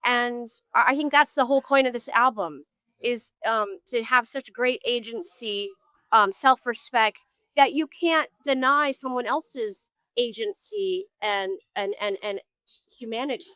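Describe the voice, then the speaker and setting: A woman's voice: a little high, animated, a little slow, sharp tone, smooth, no echo. A woman musician being interviewed, speaking earnestly and thoughtfully, often trailing off and restarting her sentences. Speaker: musician guest. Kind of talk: street interview. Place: outdoors on a street.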